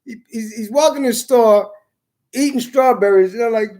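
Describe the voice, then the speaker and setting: A man's voice: extremely high pitch, moderate pace, dark tone. A man rambling in a casual monologue, cursing often and repeating words as he goes. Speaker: vlogger.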